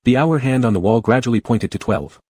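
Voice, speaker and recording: A man narrating a romance novel in an even, measured way. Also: mid-range voice, breathy edge, no room sound.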